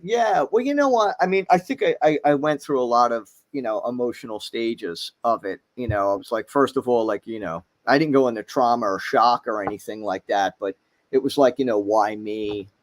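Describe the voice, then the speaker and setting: A middle-aged man talking as a podcast guest, halting, with many fillers and restarts. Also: mid-range voice, lively intonation. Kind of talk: casual chat.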